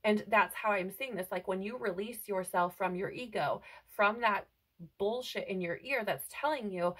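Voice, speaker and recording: A woman reads tarot cards for an unseen audience in an earnest, reassuring tone. Her pitch sits in the middle of the range for a woman. She keeps checking in with her listeners as she goes. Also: moderate pace, fairly bright tone, poor audio. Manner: earnest, reassuring, says "right?" often. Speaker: tarot reader. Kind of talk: spiritual tarot reading. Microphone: headphones on, close mic.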